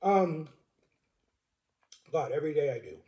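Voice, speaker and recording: A man in his thirties tells his life story to the camera on his vlog, his voice a bit high yet soft and mellow, with lively intonation. He rambles in an earnest, emotional way and keeps checking in with a quick "right?".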